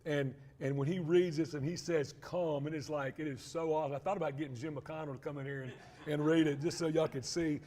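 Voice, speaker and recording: A man's voice: on the high side, steady tone, fast, dark tone. Man teaching a church Bible class. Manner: conversational, with frequent restarts and asides.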